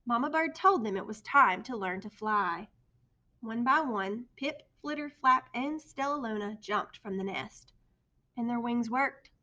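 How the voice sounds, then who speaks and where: A woman reading a children's picture book aloud with expressive storytelling. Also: on the high side, measured pace, dull audio. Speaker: storybook reader.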